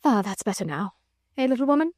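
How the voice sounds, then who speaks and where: A woman reading an audiobook voices a sleepy, affected English gentleman who drawls lazily and good-humouredly while weak and exhausted. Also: a little high, big pitch swings, fast talker, no echo, studio quality.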